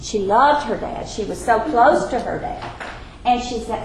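A woman's voice: a little high, fairly even intonation, normal speed, slight background noise. Emphatic woman teaching Sunday school. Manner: emphatic and earnest, with folksy asides. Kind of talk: Bible study teaching. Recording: echoey room.

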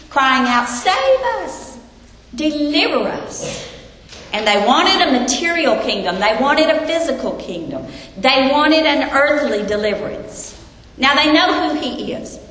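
A woman preaching a sermon, emphatic and full of rhetorical questions with dramatic pauses. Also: on the high side, a bit bright. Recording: echoey hall, faint background noise.

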